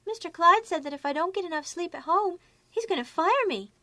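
An actress playing a scatterbrained, naive young secretary in a 1950s radio sitcom, with a high breathy voice. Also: female voice, expressive, brisk, bright, forceful tone, no room sound, heavily acted.

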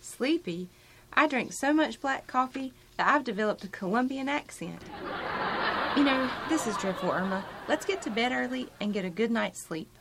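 A level-headed, quick-witted young woman, her voice pitched slightly high. She speaks briskly and sensibly, with a faint hiss of old radio in the background. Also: lively intonation, creaky, fairly bright tone. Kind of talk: 1950s radio sitcom acting.

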